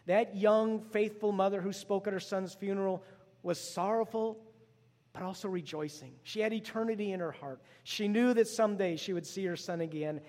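A pastor preaching a sermon, with sudden rises to loud, emphatic lines and drops to a hush. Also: male voice, high-pitched, big-room sound. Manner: dramatic swings between loud emphatic lines and hushed drops.

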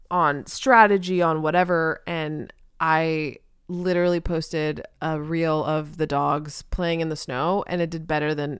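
A woman's voice: fairly low pitch, smooth, dry recording. A woman hosting a casual solo podcast, chatty and upbeat with many ums, talking in a podcast studio furnished with a couch and rug. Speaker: podcast host, social media marketer.

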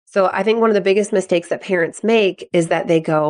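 A woman in her thirties hosting an advice podcast as a sports psychology coach, upbeat and expressive, acting out quotes in a higher voice. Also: quick pace, few pauses.

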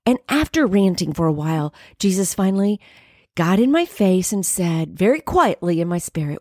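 A woman's voice: on the low side, sing-song, moderate pace, dry recording, studio quality. Earnest middle-aged woman podcast host. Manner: earnest, personal storytelling with soft whispered asides. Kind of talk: faith podcast monologue.

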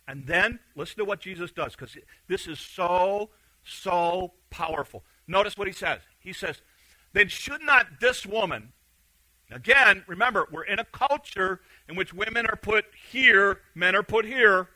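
Man preaching, high bright voice, acts out the quotes, dry close sound. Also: a little slow, dry recording, poor audio. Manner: animated, acts out quotes, swings from loud to hushed. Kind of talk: sermon.

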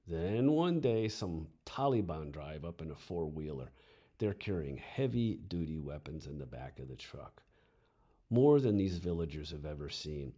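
A man's voice: low-pitched, dark tone, breathy edge, exaggerated voice. A man voicing a blunt, weary young male army sergeant who talks frankly and swears. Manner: frank, plain-spoken, profane. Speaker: soldier back from war.

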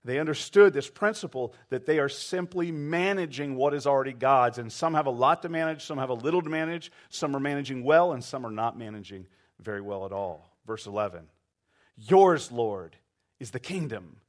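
A man's voice: medium pitch, expressive, moderate pace. A man preaching a sermon, acting out quoted voices and asking the congregation to respond. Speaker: pastor.

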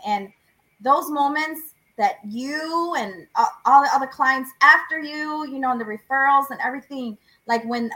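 Bright-voiced earnest woman host. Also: fairly high pitch, low-quality recording. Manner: earnest, thankful, many "you know" and "like" fillers. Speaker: show host and business owner. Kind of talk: casual talk-show chat.

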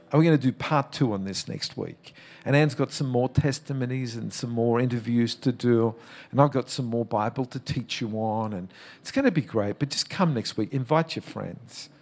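This man preaches a sermon with real fervor, his voice climbing high on each emphatic point. Between those peaks he slips into loose, conversational storytelling, stumbling over his words and starting again. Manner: impassioned, emphatic preaching with rising calls; conversational storytelling with repeated restarts. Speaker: pastor.

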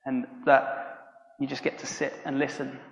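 A man's voice: mid-range voice, flat delivery, vocal fry. A man preaching a sermon in a loose, conversational way, with frequent ums and restarts. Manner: conversational and halting, many ums and restarts, laughs at own stories. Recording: roomy hall reverb.

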